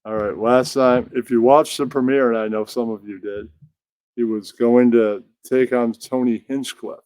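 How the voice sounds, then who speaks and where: Man, puppet show host: slow, dark-toned, casual rambler, dry sound. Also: medium pitch, steady tone, no echo. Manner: rambling, mumbles to himself between bits. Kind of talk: casual comedic narration.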